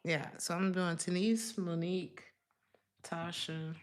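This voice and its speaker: Woman, tarot reader, live stream, casual chatty delivery, deep voice. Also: steady tone, takes it slowly. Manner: casual, chatty, calls the viewer honey.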